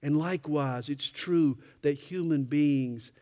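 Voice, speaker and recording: A man preaching a sermon with a fairly high voice. He surges to loud, emphatic peaks, then falls back to quiet, drawn-out words for effect. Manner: emphatic preaching, swells loud then drops soft and slow. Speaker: pastor.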